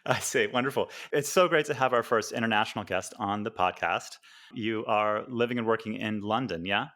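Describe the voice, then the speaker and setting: A man's voice: lowish voice, a bit bright. American man hosting a podcast. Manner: friendly, chuckles often, halting with fillers. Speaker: podcast host. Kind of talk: podcast interview.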